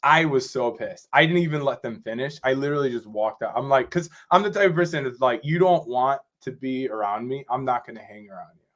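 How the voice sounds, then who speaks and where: A man from Rochester, New York, a drummer guesting on a podcast, telling a story in a rambling, animated way and often asking "you know what I'm saying". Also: medium pitch, a little fast. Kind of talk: casual storytelling interview.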